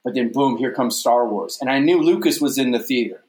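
Animated storytelling man in a roomy space. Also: mid-range voice, a little fast. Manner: animated storyteller, repeats "you know what I mean". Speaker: guest, stage performer. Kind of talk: casual storytelling interview.

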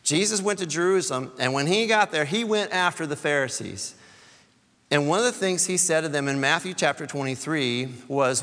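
A man preaching a sermon in a church, his fairly high voice carried by a long hall reverb. He talks conversationally, repeats words as he goes, and builds to emphatic peaks. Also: lively intonation, a little fast, fairly bright tone.

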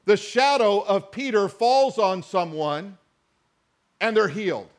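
A man's voice: sits high, expressive, slow. A man preaching a sermon, reading scripture and mixing in conversational asides and questions to the congregation. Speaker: pastor.

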